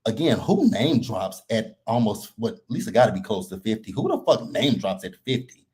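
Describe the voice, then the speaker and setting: A man's voice: fairly low pitch, normal speed. A man hosting a live reality TV recap, talking casually and bluntly and laughing a lot. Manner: blunt, animated and laughing often.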